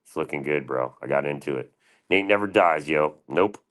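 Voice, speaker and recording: A man's voice: a bass voice, normal speed, a bit bright. A man in his thirties chatting casually on a livestream, rambling and swearing freely as he talks. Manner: crude, profane and rambling.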